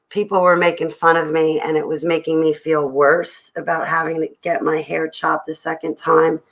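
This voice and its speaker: Low gravelly woman chatting on a livestream. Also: low-quality recording. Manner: rambling, chatty, greets viewers in chat. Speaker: livestream host. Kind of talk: casual livestream chat.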